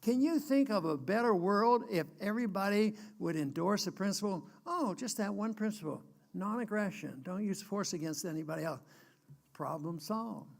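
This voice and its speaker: Older American man, gravelly, earnest speaker who stops and restarts. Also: high voice, expressive. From United States. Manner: earnest, emphatic, halting with restarts. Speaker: guest speaker. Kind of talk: political speech.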